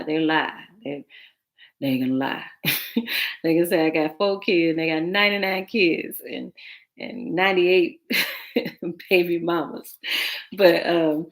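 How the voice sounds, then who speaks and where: A woman dating coach hosting a podcast, giving casual advice and acting out text exchanges in quoted voices. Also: on the low side. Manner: animated, acts out texts in quoted voices.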